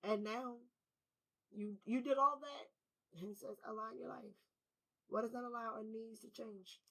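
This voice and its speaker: A woman's voice: a little high, steady tone, unhurried, vocal fry, pushed and bright, low-quality recording. A woman giving a collective spiritual reading, talking emphatically in casual slang with repetition and swearing. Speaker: tarot reader.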